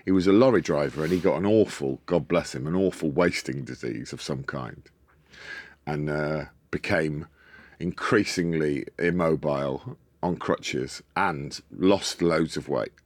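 A man's voice: a bass voice, measured pace, dry recording. A man from Wales, telling stories as a guest in a casual chat and acting out the people in them. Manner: animated raconteur who acts out voices.

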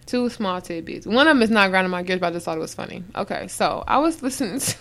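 A woman's voice: medium pitch, fast talker. Blunt, profane young woman podcast host. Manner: profane, blunt, animated storyteller. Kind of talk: casual chat.

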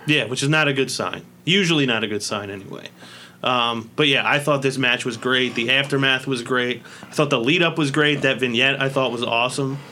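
A man co-hosting a casual talk podcast, chatty and quick to laugh. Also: medium pitch, bright, forceful tone, a little hiss or hum. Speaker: podcast co-host. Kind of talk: casual chat.

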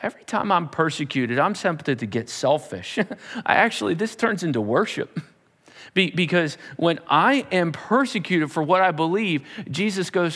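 A man's voice: fairly high pitch, lively intonation, moderate pace, a bit bright, long reverb tail. A man preaching a sermon, telling the story with animation and repeating words as he builds. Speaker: pastor.

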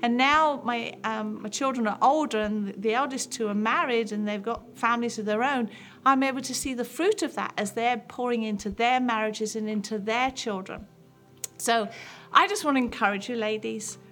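A woman pastor in her fifties tells a personal testimony to mothers, earnest and heartfelt. Her voice sits fairly high, with soft music playing faintly underneath. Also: moderate pace.

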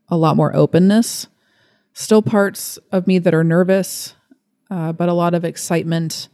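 A young adult woman hosting her own wellness podcast, talking in a gentle, earnest way with open excitement. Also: low-pitched, vocal fry, no echo. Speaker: podcast host. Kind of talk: casual solo podcast talk. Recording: dry close recording with faint music.

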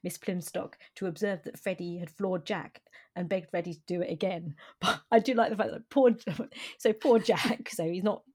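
A woman's voice: fairly low pitch, normal speed, few pauses, a little mellow, husky. A woman co-hosting a podcast, chatting about a book with giggly enthusiasm and frequent restarts. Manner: giggly, enthusiastic, stumbles over words. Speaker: podcast co-host. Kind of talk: casual book discussion.

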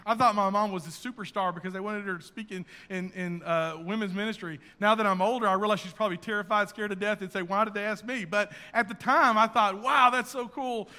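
A middle-aged male pastor preaches with a high, bright, ringing voice. He tells family stories earnestly, then climbs into fervent urging. The sound carries a long hall reverb, as from a church sanctuary. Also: steady tone, fast talker, hardly any pauses. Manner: earnest storytelling, rising to fervent exhortation. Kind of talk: sermon.

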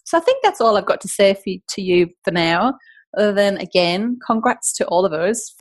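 A woman with a northern English accent hosting a podcast, talking in a chatty, animated way and correcting herself as she goes. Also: medium pitch, brisk, no room sound. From north of England. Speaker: podcast host. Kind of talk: casual podcast monologue.

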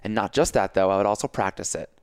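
A man hosting a casual podcast chat, coaching and telling stories in an animated way, acting out his own self-talk. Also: fairly low pitch, fast talker, clear, resonant tone, no echo, clean studio sound. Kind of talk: casual conversation.

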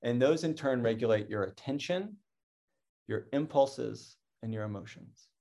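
Man, middle-aged, mindfulness teacher, calm and earnest, restarts phrases, medium pitch. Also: measured pace, creaky. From North America. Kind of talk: educational talk.

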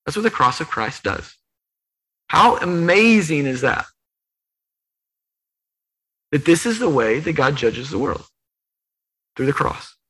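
A man's voice: on the high side, sing-song, slow, long pauses, a bit bright, slightly rough, low-quality recording. A man preaching a sermon, earnest and emphatic, retelling scripture in his own words with repetition. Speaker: pastor.

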